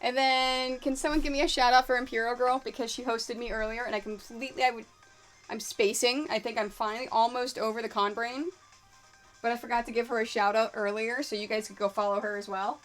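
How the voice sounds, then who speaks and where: A woman's voice: a little high, little pitch movement, a little fast, fairly bright tone, faint music behind. A woman with a mixed American and Canadian accent, chatting casually with her stream from her home sewing studio. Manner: chatty, scattered, talks to chat and her dogs. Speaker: quilting streamer. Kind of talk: casual live-stream chat while working.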